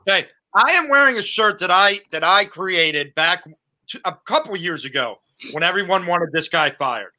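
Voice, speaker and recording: A man co-hosting a sports podcast, talking in an animated, sarcastic, conversational way. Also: high voice, moderate pace. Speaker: podcast co-host. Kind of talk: opinionated sports podcast talk.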